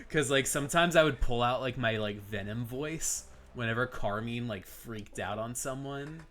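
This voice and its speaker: A man streaming live and chatting casually, animated and laughing often, with many filler words. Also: medium pitch, measured pace, a little hiss or hum. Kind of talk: casual chat.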